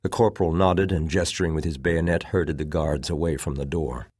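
A man narrating an audiobook in a steady, measured reading. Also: very deep voice, slightly rough, no echo, clean studio sound.

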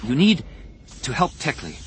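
A man's voice: medium pitch, huge pitch swings, a little slow, fairly bright tone, slight background noise, voice pushed up. A man voicing a young male Jedi, exhausted but commanding, giving terse, urgent orders.

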